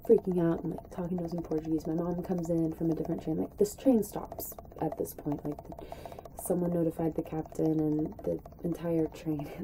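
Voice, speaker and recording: A young woman telling a rambling story in a casual vlog, acting out what people said in a higher voice. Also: noisy background. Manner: chatty, rambling, acts out quotes in a high voice. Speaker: vlogger.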